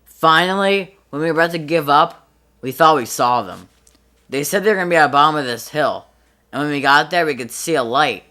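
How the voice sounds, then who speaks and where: A young man hosting a comedy show, telling a story in a casual, deadpan way. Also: fairly high pitch, a little fast. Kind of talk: storytelling monologue.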